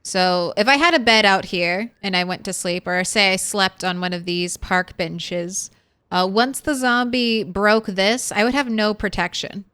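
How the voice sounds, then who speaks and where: Young woman streamer, chatty and giggly, slow smooth delivery, dry sound. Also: mid-range voice, sharp tone, no echo. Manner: chatty, laughs often. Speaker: game streamer. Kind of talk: casual gameplay commentary.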